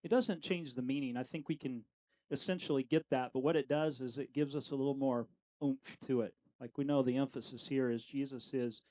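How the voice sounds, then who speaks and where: Man, middle-aged, Bible study teacher, slightly high voice, conversational, filler-heavy, asks the group questions. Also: darkish tone, poor audio.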